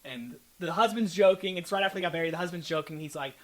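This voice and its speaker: A young man with an American accent, a content creator chatting as an interview guest, telling stories in an animated way and acting out what people said to him. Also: on the high side, quick pace. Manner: animated storytelling, acts out quoted people. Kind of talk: casual interview chat.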